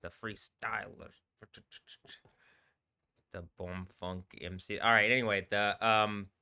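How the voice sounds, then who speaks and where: A man's voice: fairly low pitch, steady tone, slow pace, sharp tone, clean tone. A man rambling and swearing on a live stream, often breaking into laughter. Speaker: livestreaming DJ.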